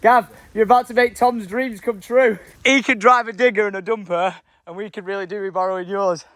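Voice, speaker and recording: A young man chatting casually while vlogging outdoors on a farm, with excited outbursts and casual swearing. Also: high-pitched, a little fast, dry recording. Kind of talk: casual vlog chat.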